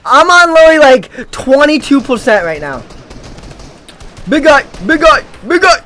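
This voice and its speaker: A man's voice: very high-pitched, big pitch swings, normal speed. A young man chatting with friends while recording a video of a game, laughing often and swearing. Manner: laughs a lot, swears, shouts at lag. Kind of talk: casual gaming chat with friends.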